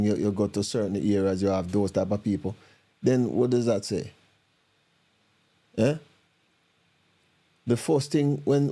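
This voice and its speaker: A man with a thick Jamaican accent hosts a reaction video, his voice mellow and dark-toned. He talks in animated patois, repeats himself and restarts his sentences as he chimes in on the clips. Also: on the low side. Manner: animated, repetitive, patois-heavy talk with restarts. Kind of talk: casual commentary.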